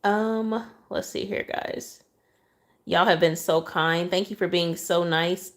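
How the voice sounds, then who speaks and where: A cake decorator from Oklahoma chats on a phone livestream while decorating cakes, apologizing and thanking her viewers. She speaks slowly, with a fairly low pitch and a fairly bright tone.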